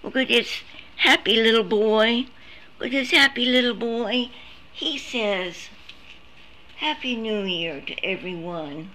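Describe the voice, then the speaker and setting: Slow, bright-voiced woman cooing at puppies. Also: on the high side, a little hiss or hum. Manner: coos in baby talk to puppies. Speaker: service dog puppy caretaker streaming a litter. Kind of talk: casual live stream chat. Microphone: phone.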